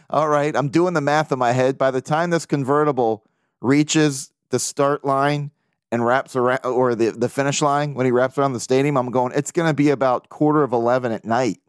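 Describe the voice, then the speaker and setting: A man's voice: medium pitch, clean tone, dry recording, clean studio sound. A man hosting his own podcast, telling rambling, jokey stories in casual chat. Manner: rambling, jokey storytelling with laughs. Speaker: podcast host. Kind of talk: casual solo podcast monologue.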